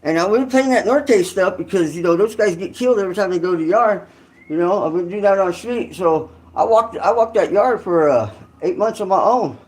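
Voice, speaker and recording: Speaking a little fast with lively intonation, a California channel host from Santa Clara rambles through a slangy story packed with restarts and asides. His voice sits high.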